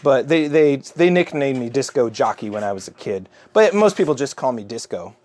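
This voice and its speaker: A man's voice: mid-range voice, animated, moderate pace, darkish tone, lightly acted. A man voicing a cheerful, unfazed little boy guitarist in a spoken story, in an easygoing, matter-of-fact way.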